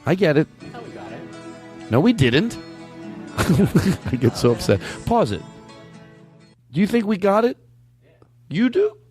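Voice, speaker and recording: A man hosting a comedy podcast, joking excitedly, swearing and laughing often in casual banter. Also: high voice, slow, pauses often, soft background music. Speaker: podcast host.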